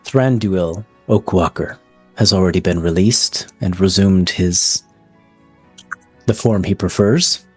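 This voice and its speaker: A man's voice: sits low, slow, breathy edge, dry recording, soft background music, pitched below the performer's own voice, full character voice. A man voicing a solemn, formal male angel with clipped wings, in a tabletop game. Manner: grave, formal.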